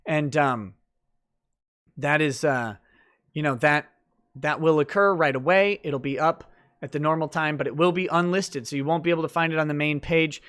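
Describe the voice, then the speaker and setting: A man's voice: on the high side, normal speed, fairly bright tone. A man hosting a late-night livestream, chatting loosely through viewer comments with lots of fillers and restarts.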